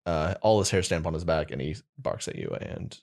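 A young man co-hosting a podcast, chatting casually and telling funny stories, often breaking into high squeaky voices when he quotes people. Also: a little fast, a little mellow. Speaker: podcast co-host. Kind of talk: casual comedic chat.

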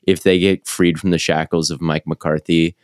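A man's voice: low-pitched, level tone, moderate pace, no room sound, studio quality. A man co-hosting a sports podcast, chatting in a wry, questioning, joking way. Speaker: podcast co-host. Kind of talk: casual sports chat.

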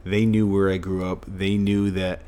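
His voice sits low and smooth, mellow, with little rise or fall, at a normal speed. This middle-aged Massachusetts man, who used to play football, is a podcast guest telling stories. He stresses his points and repeats phrases to give them punch.

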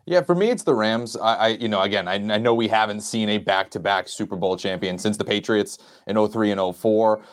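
A man appearing as a guest on a sports podcast, giving quick, confident analysis. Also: fairly low pitch. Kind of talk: casual sports podcast chat.

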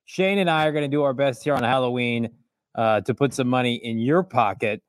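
A man co-hosts a sports betting show, going over his picks with a joking, self-deprecating humor. His middle-pitched voice sounds dry and close to the mic. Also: fairly quick, dry recording. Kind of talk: casual sports betting chat.

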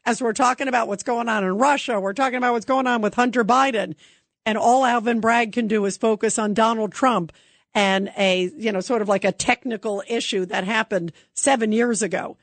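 A woman's voice: fairly high pitch, fairly even intonation, moderate pace, no echo. A woman hosting a call-in radio show, emphatic and indignant, effusive toward her callers. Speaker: radio talk show host.

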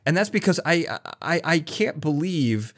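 A man's voice: fairly high pitch, a little slow. Chatty male podcast host. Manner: animated storyteller, many restarts. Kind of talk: conversational interview.

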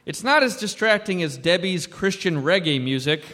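A fed-up air traffic control boss. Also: male voice, high voice, animated, bright, forceful tone, in a large hall. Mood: exasperated. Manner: weary, scolding, brisk. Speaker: sketch comedy actor. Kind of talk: live radio sketch acting. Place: theater stage.

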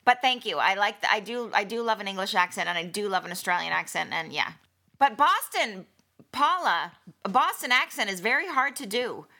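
A woman's voice: medium pitch, animated, quick pace, vocal fry, hardly any pauses, bright, forceful tone. A woman guest on a comedy podcast, earnest and self-critical. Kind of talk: casual comedy chat.

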